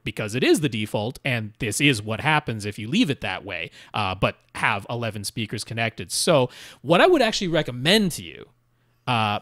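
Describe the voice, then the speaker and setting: A man's voice: medium pitch, a bit bright, dry recording. Guy co-hosting a tech podcast, walks through settings, lots of uhs, dead dry room. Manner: explanatory, many restarts and fillers. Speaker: podcast co-host. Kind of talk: casual technical chat.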